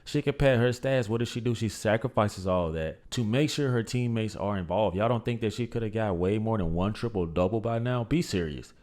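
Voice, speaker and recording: A man with a fairly low voice hosts a reaction show. He talks emphatically and opinionatedly, and keeps calling his viewers "guys." He speaks. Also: fairly quick, hardly any pauses, darkish tone. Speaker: commentary channel host. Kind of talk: reaction commentary.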